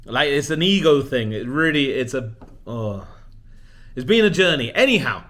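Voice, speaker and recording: A man's voice: medium pitch, big pitch swings, normal speed, fairly bright tone. Chatty self-mocking man in his forties. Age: 40s. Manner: chatty, self-deprecating, rambling with restarts. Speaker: leadership coach. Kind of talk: casual personal vlog.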